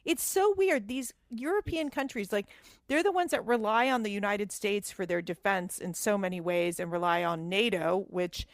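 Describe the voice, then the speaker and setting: Female talk radio co-host, animated and opinionated, dry studio sound. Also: mid-range voice, normal speed, no echo.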